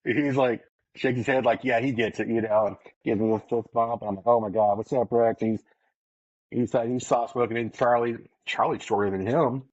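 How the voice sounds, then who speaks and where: A man on a podcast, casually telling an excited story with plenty of swearing and quoted lines of his own. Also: mid-range voice, normal speed, no room sound, muffled recording. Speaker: podcast co-host.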